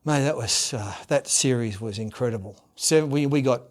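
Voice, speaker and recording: A middle-aged man with an Australian accent, a guest in a podcast interview, telling lively stories and loudly acting out the voices of people he quotes. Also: mid-range voice, normal speed. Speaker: guest, former rugby league captain and coach. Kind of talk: animated storytelling in a podcast interview.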